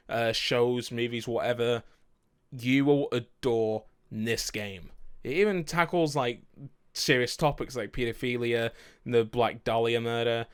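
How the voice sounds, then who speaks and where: A young man talks through his favourite games in a loose, rambling way. He corrects himself mid-sentence and drops the odd swear word. His voice sits at an ordinary middle pitch for a man. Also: clear, resonant tone. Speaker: video game streamer. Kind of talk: casual chat, ranking favourite games.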